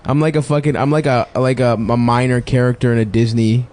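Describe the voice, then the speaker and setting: A man's voice: medium pitch, fairly even intonation, a little fast, a little mellow. Young man with crude, self-mocking banter. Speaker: podcast co-host. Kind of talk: casual chat. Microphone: studio microphone.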